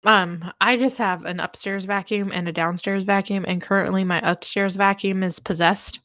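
A woman's voice: medium pitch, steady tone, normal speed, a bit bright, no echo, studio quality. A woman co-hosting a podcast, telling stories casually with frequent giggles. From Colorado. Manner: giggly storytelling. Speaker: podcast co-host. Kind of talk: casual chat.

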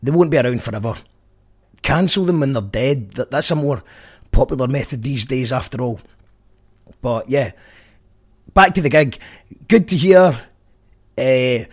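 A man's voice: mid-range voice, animated, unhurried, pauses often. A Scottish man hosting a podcast, chatting casually in a rambling, jokey way. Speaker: podcast host. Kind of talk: casual monologue recap.

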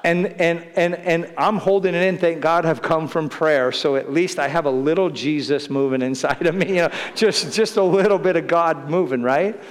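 A man's voice: a little high, moderate pace, few pauses. Earnest male pastor in a reverberant church. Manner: conversational and earnest, with frequent restarts and asides. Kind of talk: sermon. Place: church sanctuary. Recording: long hall reverb.

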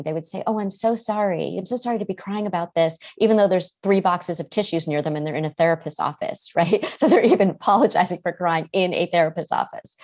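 A woman therapist explaining ideas calmly in a podcast interview, sometimes acting out what people say. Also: on the low side. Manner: calm, explanatory, acts out quoted speech. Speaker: therapist, guest.

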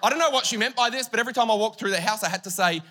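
A man's voice: high voice, rapid-fire, pushed and bright. A young Australian man preaching a sermon as pastor, telling a story with comic asides to the congregation. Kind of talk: humorous sermon.

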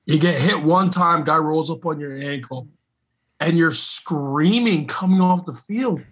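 A man co-hosting a casual sports podcast, a former college football player who talks in an animated, emphatic, slangy way. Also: on the high side, measured pace, husky, low-quality recording.

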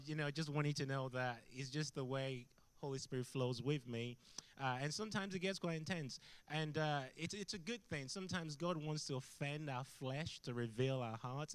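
A middle-aged man preaching as a guest in a church, intense and animated, breaking into shouts as he tells stories. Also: medium pitch, no room sound. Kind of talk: sermon. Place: church hall.

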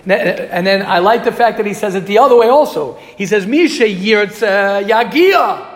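A man's voice: high-pitched, fairly quick. A man giving a Torah class to young students, emphatic and repeating key phrases, mixing in Hebrew and Yiddish terms. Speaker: Torah teacher. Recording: echoey hall.

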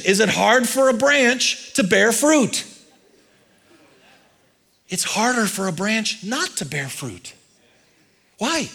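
A male pastor preaching a sermon in an animated, conversational way, swinging from loud to quiet. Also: high voice.

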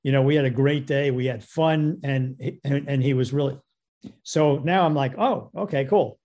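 A man, a film producer and director, telling a story as a guest and acting out both sides of phone calls in an animated way. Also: medium pitch, moderate pace, lo-fi sound. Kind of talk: storytelling anecdote.

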